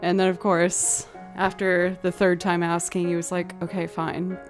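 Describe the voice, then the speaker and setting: A woman in her thirties, a musician, chats casually on her live stream from a home desk setup, telling stories and giggling often. Her voice is fairly low and monotone, her pace measured, with music playing in the background.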